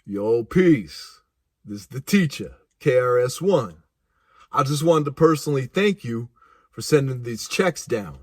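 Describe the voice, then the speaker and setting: A man imitating a rap teacher who leaves a measured, formal answering-machine message. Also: medium pitch, lively intonation, dry recording, studio quality. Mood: calm.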